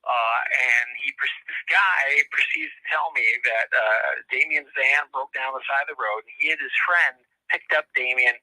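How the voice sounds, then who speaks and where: A middle-aged man, a guest author and lecturer, telling a long story in a casual interview, halting often with fillers and restarts. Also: medium pitch, sharp tone, dry recording, poor audio.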